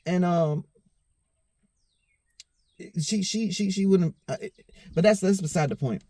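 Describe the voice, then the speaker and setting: Man, high voice, tipsy, rambling, profane, dry close-mic sound. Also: unhurried, dark tone, no echo. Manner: rambling, profane, repeats "you know what I'm saying". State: a little tipsy. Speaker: podcast host. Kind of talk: casual storytelling monologue.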